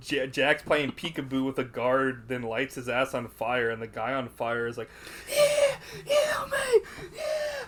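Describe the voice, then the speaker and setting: A man's voice: medium pitch, level tone, a little slow, background noise. A man co-hosting a podcast, reviewing a film in casual banter, swearing a lot and doing mocking impressions of the characters. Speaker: podcast co-host.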